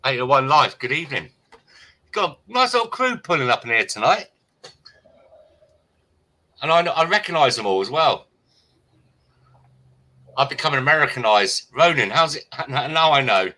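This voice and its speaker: A man's voice: medium pitch, moderate pace, long pauses, poor audio. A man with an English accent, co-hosting a casual livestream chat and telling stories animatedly. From England. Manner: animated storytelling with laughs. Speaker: livestream co-host.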